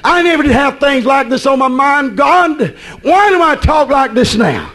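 Preacher guy, real high voice, hollering his sermon in that preaching rhythm. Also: big pitch swings, normal speed, low-quality recording. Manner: shouting, preaching cadence. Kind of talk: fiery sermon.

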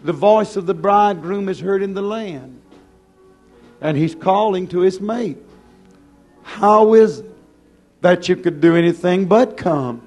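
A male preacher with a somewhat high voice drawing out every phrase at an unhurried pace. He pleads and exhorts with rising passion, and soft music plays faintly behind him. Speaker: pastor. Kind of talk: sermon.

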